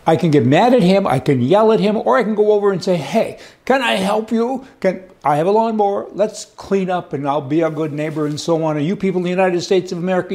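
A man's voice: a little high, gravelly, darkish tone. A man from Canada giving a folksy, sarcastic political monologue, speaking to his viewers with emphatic asides. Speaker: commentator.

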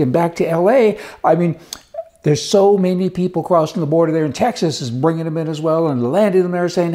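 A middle-aged man delivers a casual political commentary monologue in a folksy, joking way. His voice sits a little high and sounds mellow and relaxed. He slips into mock voices with plenty of sarcasm. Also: fairly quick. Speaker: commentary host.

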